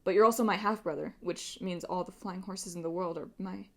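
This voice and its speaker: A woman's voice: lowish voice, steady tone, a little fast, a bit bright. A wisecracking teenage boy, as a woman reads him. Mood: wry.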